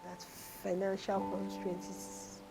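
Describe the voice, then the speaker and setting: A woman's voice: mid-range voice, monotone, slow pace, vocal fry, poor audio. Tearful Nigerian woman in her forties. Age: 40s. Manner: tearful, pouring out hardship, repeating phrases. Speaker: reality show contestant. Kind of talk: emotional confessional talk. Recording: music bed underneath.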